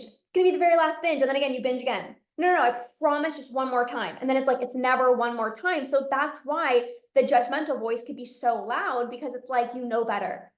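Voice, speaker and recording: A woman's voice: sits high, roomy sound. A woman hosting a solo podcast as a coach, talking in an earnest, encouraging way. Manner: earnest, encouraging, acts out inner voices. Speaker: podcast host and binge eating coach.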